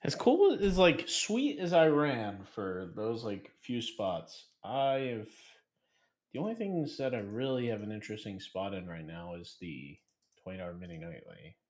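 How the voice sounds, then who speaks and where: A man streams his online poker session, calling out his hands in a lively, sing-song way with jokey announcer asides. His voice sits fairly low yet swoops around animatedly. It sounds like a casual stream chat into a desk mic. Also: unhurried.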